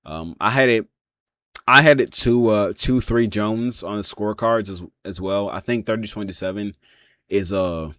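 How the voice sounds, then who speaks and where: A man's voice: lowish voice, normal speed, a bit bright, dry recording, clean studio sound. A man casually breaking down a fight, rambling with lots of fillers and frequent swearing. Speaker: MMA reaction channel host.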